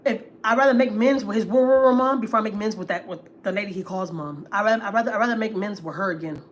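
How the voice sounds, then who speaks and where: Talking very fast at medium pitch, a Houston, Texas woman vents during a casual family vlog livestream she hosts. She's blunt and profane, repeats herself for emphasis, and a little hiss or hum is audible.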